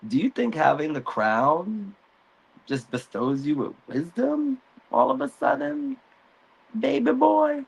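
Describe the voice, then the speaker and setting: A man's voice: sits high, expressive, slow, vocal fry, slightly rough, dull audio, pitched above the performer's own voice, full character voice. A man voicing a scornful queen mother who cuts down her son, in a mocking, sneering tone.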